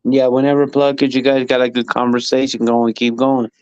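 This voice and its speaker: A man hosting a livestream podcast, signing off in a laid-back, friendly way with shout-outs. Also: medium pitch, completely flat delivery, brisk, lo-fi sound. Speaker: podcast host. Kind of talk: casual livestream sign-off.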